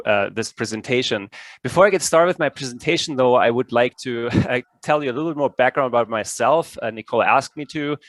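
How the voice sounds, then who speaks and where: A man's voice: medium pitch, fairly bright tone, no echo. German-accented man lecturing with many fillers. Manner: hesitant, many fillers and restarts. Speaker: presenter, ecology professor. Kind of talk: online lecture. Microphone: video call.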